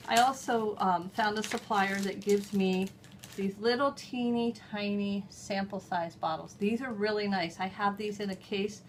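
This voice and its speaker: A woman's voice: medium pitch, steady tone, unhurried, slight background noise. Chatty woman demonstrating a craft. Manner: chatty, homey, step-by-step explaining while working. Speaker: host. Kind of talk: hands-on how-to demonstration.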